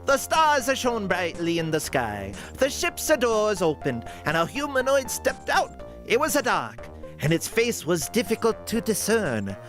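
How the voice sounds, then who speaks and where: A man's voice: sits high, huge pitch swings, a little slow, a bit bright, faint music behind, heavily acted, rough recording. A man putting on a mock generic European accent to read a game walkthrough as a dramatic sci-fi story. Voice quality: hammy, theatrical. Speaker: commentator reading a game walkthrough.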